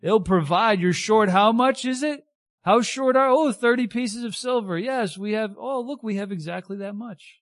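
A sly little demon coaxes and flatters in a raised, wheedling voice, as a man preacher puts him on. He sounds smooth and persuasive. The sound is dry and close. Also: high-pitched, moderate pace, dry recording, voice pushed up, natural voice. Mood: coaxing.

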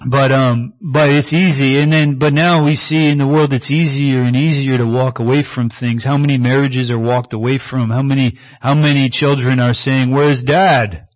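A man's voice: medium pitch, fairly even intonation, normal speed, hardly any pauses, muffled recording. A man preaching a conversational sermon, telling stories with casual asides and quoted dialogue. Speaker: pastor.

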